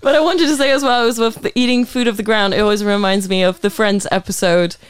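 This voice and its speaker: A woman co-hosting a casual group chat, playful and quick to laugh while asking questions. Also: mid-range voice, fairly even intonation, clean tone, dry recording. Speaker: podcast co-host asking questions.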